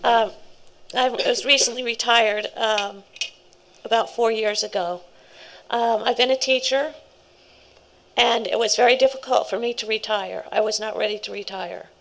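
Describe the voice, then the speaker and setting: A middle-aged woman speaks at a scout ceremony, warm and rambling, breaking into laughing asides. Her voice sits a little high and carries a gravelly fry. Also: steady tone, moderate pace, poor audio. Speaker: scout leader. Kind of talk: speech at a ceremony.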